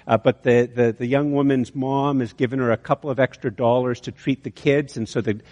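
A man's voice: medium pitch, steady tone, fairly quick, a little mellow, lo-fi sound. A man preaching a sermon, telling an illustration story with many restarts. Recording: long hall reverb.

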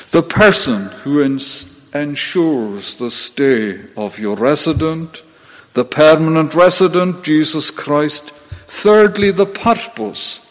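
A man preaching a sermon in church, measured and deliberate, with occasional restarts. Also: a little high. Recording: long reverb of a large hall.

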